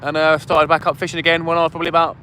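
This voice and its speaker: A man's voice: on the high side, monotone, very fast, pushed and bright, a little hiss or hum. A man, hosting a fishing livestream and chatting casually with viewers, eager and thankful. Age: 20s. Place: outdoors by a river at night.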